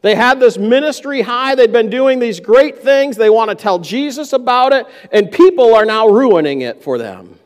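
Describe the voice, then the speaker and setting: A man's voice: very high-pitched, lively intonation, normal speed, few pauses, in a large hall. A man preaching a sermon, who acts out the disciples' complaints in a raised voice. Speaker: pastor.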